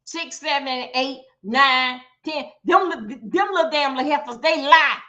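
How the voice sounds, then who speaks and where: A high, bright-voiced woman runs a casual livestream, calling out to her viewers in a blunt, profane, exclamatory way. Her sharp tone comes through dull, lo-fi stream audio. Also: unhurried. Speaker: livestream host.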